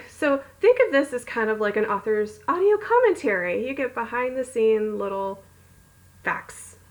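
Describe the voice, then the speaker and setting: A woman's voice: fairly high pitch, animated, measured pace, rough recording. Giggly woman reading her own novel. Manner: giggly, rambling, self-mocking asides. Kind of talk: casual read-along with chatty asides.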